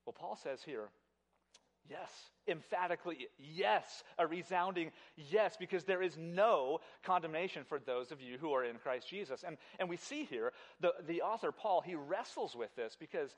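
During a church service, a male pastor preaches a sermon with emphasis and energy, often repeating words and addressing the congregation directly. His voice is on the high side, and he speaks at a normal speed.

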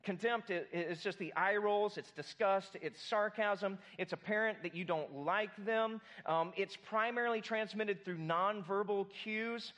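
A man's voice: high-pitched, measured pace, few pauses, fairly bright tone. A man preaching a sermon to his congregation, conversational and joking with the room. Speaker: pastor.

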